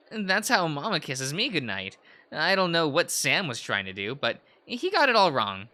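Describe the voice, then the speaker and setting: A man's voice: fairly high pitch, huge pitch swings, unhurried, pushed and bright, full character voice. A man voicing a naive, posh teenage boy who is flustered and dreamy. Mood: sweet.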